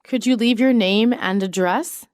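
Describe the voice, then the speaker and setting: A woman reading isolated English practice sentences for a lesson, in a measured, even way. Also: a little high, no echo, studio quality.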